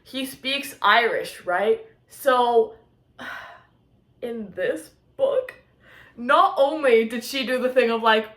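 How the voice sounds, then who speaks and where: A young woman talks through a casual reading vlog, her voice pitched high and bouncing with excitement. She gushes and drifts into giggles and squeals, and the room around her rings with a noticeable echo. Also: takes it slowly. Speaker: book vlogger.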